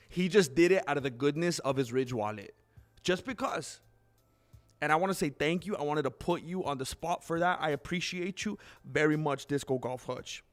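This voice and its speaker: A man hosts a casual live stream, chatting loosely with viewers, calling them "bro" and laughing often. His voice is on the high side with a fairly bright tone.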